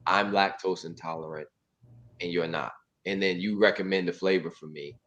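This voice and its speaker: A man's voice: low voice, steady tone, moderate pace, a bit bright, highs cut off. A man hosting a casual relationship talk show, playful and acting out examples. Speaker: host and relationship author. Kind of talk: casual podcast chat.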